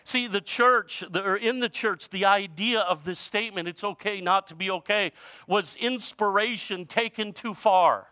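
A male pastor preaching a sermon in a conversational way, using informal grammar, his voice shifting from loud emphasis to quiet. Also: high voice, normal speed, no room sound, clean studio sound.

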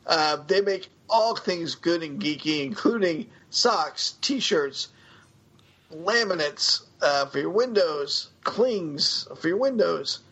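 A man's voice: fairly high pitch, lively intonation, a bit bright, breathy edge. A man hosting a casual podcast, joking and swearing, with lots of fillers and restarts. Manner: joking, profane, halting with fillers. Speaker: podcast host. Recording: dull lo-fi sound.

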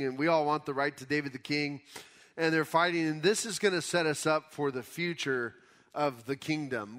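A pastor preaching a conversational sermon, explaining scripture casually in everyday words. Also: male voice, fairly high pitch, a bit bright. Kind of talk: conversational Bible teaching sermon.

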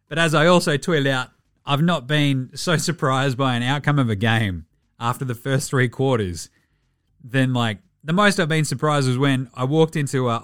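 A young Australian man hosting a casual basketball podcast, rattling off stats with lively, self-mocking banter and the odd swear. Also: medium pitch. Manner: animated, swearing, self-mocking, quick stat rundowns. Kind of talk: casual game recap.

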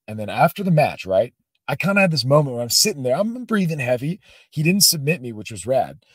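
A man guest on a podcast telling a story in a casual way. His voice jumps from loud bursts to quiet asides. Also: medium pitch, big pitch swings, brisk, slightly rough, no room sound.

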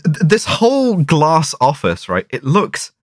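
A man co-hosting a casual podcast about a film, talking in an animated, sweary way with frequent restarts and laughs. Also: on the high side, a little slow, no echo, clean studio sound. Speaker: podcast co-host.

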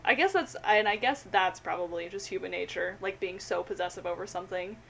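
A woman's voice: on the low side, a little fast, vocal fry, fairly bright tone. A young woman co-hosting a podcast, gushing and giggly, with many fillers. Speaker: podcast co-host. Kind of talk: casual chat. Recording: faint background noise, lo-fi podcast audio.

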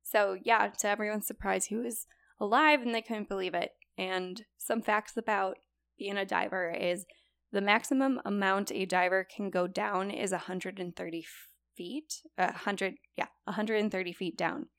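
A young woman retells a true story to her co-host in a loose, chatty way, sprinkling in likes and you-knows. Her voice has a gravelly, fry-tinged texture. The recording is dry and close. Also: medium pitch, steady tone, moderate pace, fairly bright tone, dry recording. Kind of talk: casual storytelling chat.

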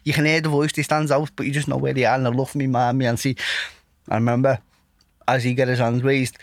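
A man's voice: mid-range voice, flat delivery, quick pace, no room sound, clean studio sound. A young male boxer with a Liverpool accent, rambling through stories in casual chat. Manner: laughing, rambling storyteller. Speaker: professional boxer, guest.

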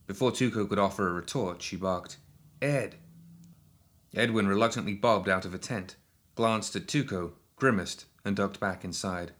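A man narrating a dark fantasy audiobook in a steady, measured reading. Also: deep voice.

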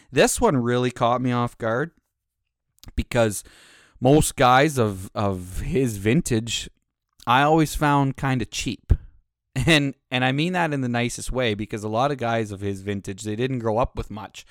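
A man's voice: on the low side, dry recording, studio quality. A man who drives trucks telling a rambling, profane anecdote in a casual way.

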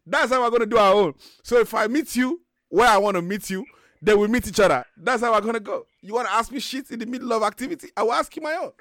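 A man's voice: high voice, fast talker, a bit bright, no echo, clean studio sound. A man, co-hosting a casual group chat and telling boastful, joking stories with some swearing.

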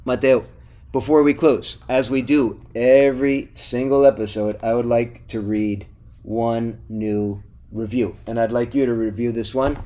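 A man's voice: medium pitch, fairly even intonation, measured pace, mellow. Upbeat pleading male podcast host. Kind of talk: casual podcast sign-off.

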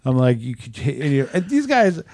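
A man's voice: medium pitch, unhurried, no room sound. A man on a podcast in casual chat, telling profane stories and acting out the dialogue. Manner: profane animated storyteller, acts out dialogue. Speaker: podcast guest.

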